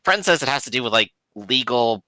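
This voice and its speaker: A man's voice: mid-range voice, animated, fairly quick, sharp tone, no room sound. A man voicing a busy middle-aged city campaigner who rambles and hesitates with many fillers.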